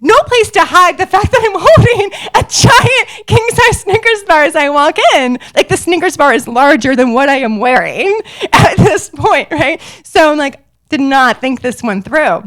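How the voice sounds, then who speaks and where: A woman in her forties hosting a podcast, telling a personal story with self-deprecating humor, laughing often and breaking into bursts of high excitement. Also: unhurried. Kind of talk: animated storytelling monologue.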